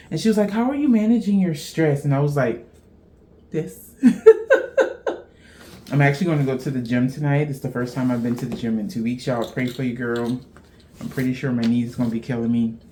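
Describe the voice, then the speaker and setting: A woman's voice: a bass voice, darkish tone, a little hiss or hum. A middle-aged woman from Central Texas, chatting casually as host of a knitting show, rambling and laughing at herself.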